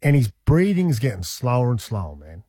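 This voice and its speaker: A man, telling a long personal story on a radio show in an animated, conversational way. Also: medium pitch, brisk, slightly rough, no room sound, clean studio sound. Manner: animated, conversational, says "man" and "mate" often. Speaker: radio host.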